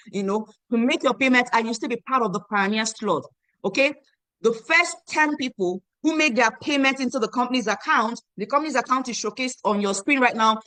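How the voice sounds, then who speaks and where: A woman in her thirties from Nigeria, hosting an online meeting and giving an emphatic, repetitive sales pitch that urges listeners to act now. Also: sharp tone, dry recording. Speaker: online meeting host selling a program. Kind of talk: motivational sales pitch on a video call. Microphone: video call.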